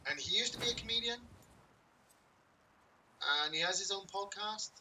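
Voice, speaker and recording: A man's voice: high voice, moderate pace. A man casually chatting and joking while streaming a video game, rambling and swearing freely. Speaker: game streamer and podcast host. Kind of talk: casual gameplay stream chat. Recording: distant mic with clear background noise.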